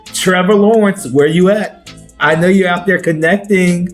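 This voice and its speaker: A man's voice: sits high, measured pace, soft background music. A man talking as a guest on a sports podcast, in playful, exclamatory banter. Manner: animated and exclamatory, playful swoops.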